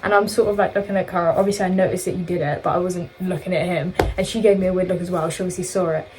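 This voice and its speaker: A young woman vlogger tells a long story in casual chat, rambling and correcting herself along the way. She speaks rapid-fire in a lowish voice with fairly even intonation, and there is background noise.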